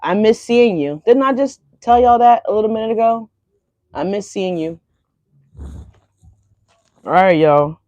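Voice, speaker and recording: A woman's voice: medium pitch, animated, unhurried, long pauses, mellow, no echo. A woman reading tarot in a loose, chatty way, swearing and laughing between thoughts. She circles back with lots of fillers and addresses her viewers directly. Her voice sits in a middle range and sounds dry and close to the mic. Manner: rambling, profane, laughing asides; repeats fillers, talks straight to viewers. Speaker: tarot reader.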